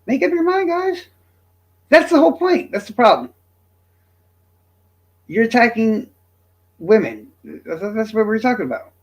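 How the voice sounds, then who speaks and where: A man in his fifties ranting to his stream chat in a profane, cocky, combative way. His voice sits high for a man and swings widely as he taunts and brags. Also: very animated, unhurried, long pauses. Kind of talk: livestream rant to chat.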